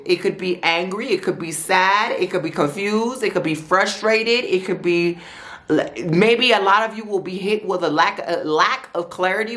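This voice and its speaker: A woman's voice: mid-range voice, a bit bright. A woman giving a weekly tarot forecast in a chatty, slangy way, repeating phrases and adding playful asides. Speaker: tarot reader.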